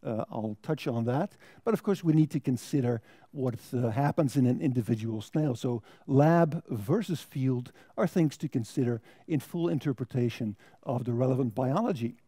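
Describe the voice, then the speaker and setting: American man giving a measured academic lecture. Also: medium pitch, mellow, no echo. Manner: measured, thoughtful delivery with dry humor. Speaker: guest lecturer.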